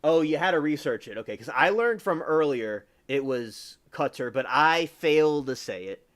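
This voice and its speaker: A man's voice: fairly high pitch, expressive, moderate pace, fairly bright tone. A man hosting a casual livestream, rambling about the news and reading viewer comments aloud. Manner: rambling, reads chat aloud and answers viewers. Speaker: livestream host.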